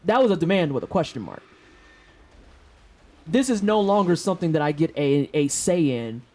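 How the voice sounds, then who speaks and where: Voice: mid-range voice, sing-song, normal speed, a little mellow. A streamer in their thirties from St. Louis, chatting with viewers during a game, joking and swearing in casual slang. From St. Louis, USA. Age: 30s. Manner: joking, profane, slangy trash talk. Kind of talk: casual live-stream banter with chat.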